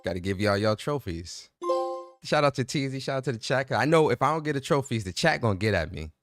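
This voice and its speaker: A man with a New York accent hosting a casual gaming podcast, introducing his co-host with loud, playful hype. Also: mid-range voice, lively intonation, fast, dry recording, studio quality, faint music behind.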